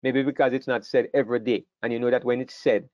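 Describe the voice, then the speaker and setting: A man's voice: medium pitch, fairly even intonation, fast, a little mellow, no echo. Older man, Bible class teacher, earnest, slightly dull lo-fi recording. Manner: earnest, repeats words while thinking.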